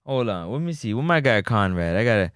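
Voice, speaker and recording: Animated man hosting sports talk. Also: lowish voice, a little fast, smooth, dry recording, studio quality. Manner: animated, banters with live chat. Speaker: sports talk show host. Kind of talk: casual livestream chat.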